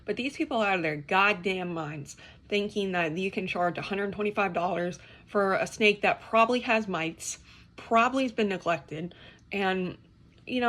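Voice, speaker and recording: A woman's voice: mid-range voice, moderate pace, a bit bright. A young woman rants to the camera about keeping reptiles. She swears, restarts her sentences and sounds exasperated. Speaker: reptile keeper. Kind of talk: ranting to camera.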